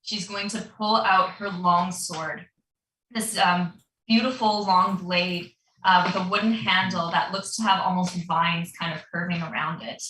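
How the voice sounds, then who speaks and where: A woman's voice: lowish voice, fairly even intonation, measured pace, bright, forceful tone, reverberant, distant mic, slight background noise, rough recording. A woman running a tabletop game as dungeon master, narrating the action loosely with plenty of fillers.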